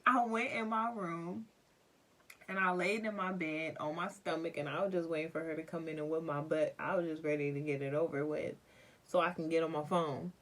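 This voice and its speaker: A young adult woman telling a personal story in a casual vlog, animated and full of slang. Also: low voice, a little fast. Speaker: vlogger.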